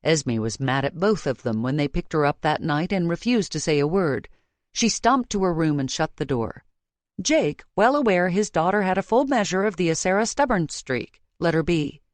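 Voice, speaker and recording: Brief: woman narrator, measured and emotive, slightly low voice, dry close mic. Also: expressive, no room sound. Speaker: audiobook narrator. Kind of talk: scripted romance narration. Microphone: close studio mic.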